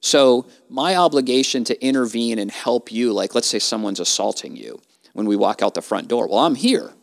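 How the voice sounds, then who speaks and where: A trial lawyer appearing as a guest on a casual podcast speaks with a medium-pitched, creaky voice at normal speed. He's earnest and emphatic, almost preacherly.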